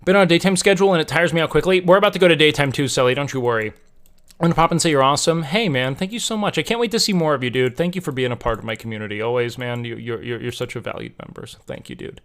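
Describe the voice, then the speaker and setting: Chatty young male streamer, slightly high voice. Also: racing, fairly bright tone. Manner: knowledgeable, rambling with many fillers and restarts. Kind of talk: casual chat answering viewers about lifting.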